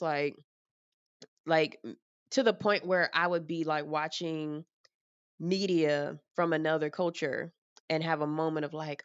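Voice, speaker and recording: A young woman with a low, smooth voice talks frankly and casually, rambling through her thoughts and tossing in some swearing. The sound is dry and close, though a little dull. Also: fairly even intonation, a little slow, no echo. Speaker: vlogger. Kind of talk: casual personal talk.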